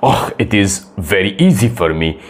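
A man's voice: low-pitched, expressive, moderate pace. A man playing a stubborn, overconfident lady student who boasts in broken English and drags out her words. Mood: boastful. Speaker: comedy sketch creator. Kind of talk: comedic sketch acting.

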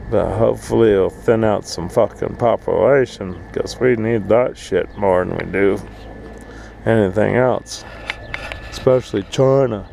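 A man's voice: medium pitch, vocal fry, dark tone, a little hiss or hum. A man ranting bluntly and profanely in a casual outdoor vlog at an RV park. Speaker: vlogger.

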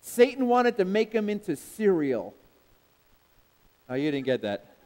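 A man's voice: high-pitched, very animated, a little slow, a little mellow. A man preaching a sermon with emphatic, repeated refrains, calling out to the congregation for responses. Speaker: pastor. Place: church sanctuary. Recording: long hall reverb in a church.

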